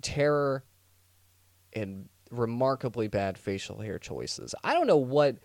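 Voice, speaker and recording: A man's voice: medium pitch, takes it slowly, vocal fry, no room sound. A man hosting a podcast, telling a true-crime story as a rambling, jokey monologue full of restarts and sarcastic asides. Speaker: podcast host.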